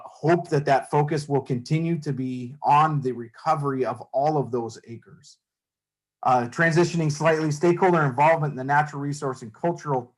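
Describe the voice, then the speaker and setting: A man's voice: medium pitch, low-quality recording. Earnest man giving formal testimony. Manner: earnest, measured, halting at times. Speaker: industry representative giving public testimony. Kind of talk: formal public comment. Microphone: remote call.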